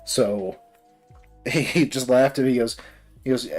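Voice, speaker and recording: A man's voice: mid-range voice, moderate pace, long pauses, darkish tone, faint music behind. A man telling a long personal story in a rambling, casual way while building a model kit on a livestream. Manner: rambling, many fillers and restarts.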